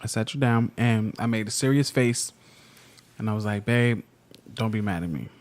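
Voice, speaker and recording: A man's voice: fairly low pitch, normal speed. A man in his thirties co-hosting a podcast with his wife, telling stories in a laid-back, slangy way. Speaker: podcast co-host. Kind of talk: casual couple chat.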